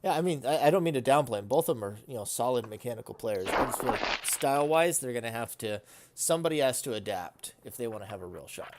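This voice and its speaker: A man in a casual online gaming chat, talking in a measured way and weighing players' strengths with hedged opinions. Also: mid-range voice, lively intonation, noisy background. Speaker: co-commentator.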